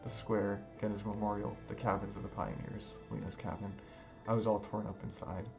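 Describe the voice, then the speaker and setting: Gravelly man reading a story aloud. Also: on the low side, level tone, brisk. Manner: dramatic, emotional first-person reading. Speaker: gaming video creator. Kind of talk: reading a visual novel aloud. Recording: music playing underneath.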